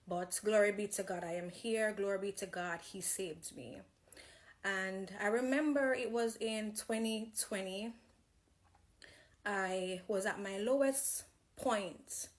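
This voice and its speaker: Slow-speaking Jamaican woman giving a testimony. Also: medium pitch. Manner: slow, reflective, with pauses and restarts. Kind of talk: personal faith testimony.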